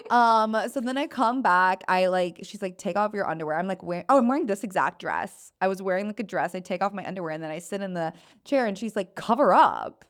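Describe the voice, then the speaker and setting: Young woman, podcast co-host, casual chat, rambling storyteller, mid pitch. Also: a little fast, few pauses, clean tone. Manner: rambling storyteller, frequent "like" fillers.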